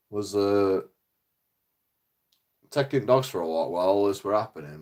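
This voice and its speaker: A man's voice: low-pitched, a little mellow. A man, ranting casually in a rambling, foul-mouthed way. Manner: rambling, heavy swearing. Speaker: vlogger. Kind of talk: casual rant.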